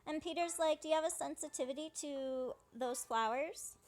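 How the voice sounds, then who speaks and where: A woman's voice: high voice, moderate pace, darkish tone, faint music behind. A woman casually narrating a game playthrough, paraphrasing characters' lines in a chatty way. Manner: chatty, paraphrases dialogue with "she's like". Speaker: fan dubber playing through a game.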